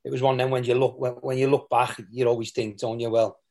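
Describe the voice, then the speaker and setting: A former footballer from England, here as a guest, reminisces candidly about his playing days, rambling with restarts and quoted asides. His voice is mid-range and mellow, level in tone and a little fast.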